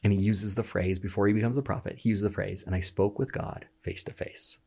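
Husky, gravelly man talking passionately. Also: fairly low pitch, steady tone, brisk, darkish tone. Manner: passionate, emphatic, restarts mid-sentence. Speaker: guest explaining scripture. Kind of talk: animated podcast conversation.

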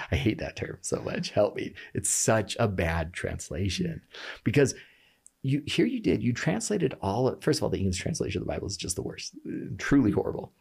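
Gravelly, animated man explaining scripture. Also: fairly low pitch. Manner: passionate, emphatic, fond of rhetorical "right?". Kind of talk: casual conversational explanation.

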